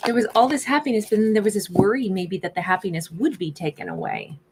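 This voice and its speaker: A woman's voice: mid-range voice, big pitch swings, fast talker, a little hiss or hum. A woman giving a casual tarot reading, thinking aloud as she turns over each card. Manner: musing, thinks aloud while reading cards. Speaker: tarot reader.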